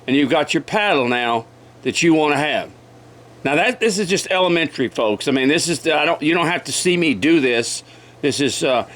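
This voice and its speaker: A man with a cold teaching woodcarving in a folksy, repetitive way, often clearing his throat and apologizing. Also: fairly high pitch, a bit bright. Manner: folksy, repeats measurements, frequent throat clearing. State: has a cold. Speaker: woodcarving instructor. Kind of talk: casual step-by-step demonstration.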